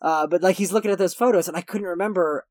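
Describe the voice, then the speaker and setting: A man co-hosting a casual movie podcast, his voice sitting a touch higher than most men's. He rambles and corrects himself as he recaps the plot. The recording is dry and close, with no room sound. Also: fast talker, darkish tone, no room sound. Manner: rambling, self-correcting, laughs while recapping. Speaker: podcast co-host.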